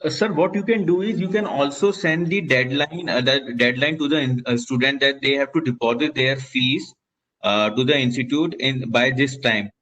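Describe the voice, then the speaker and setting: A man's voice: medium pitch, moderate pace, a bit bright. Polite man hosting a video call. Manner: polite, says sir often, fillers. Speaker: online session moderator. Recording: slightly dull video call audio.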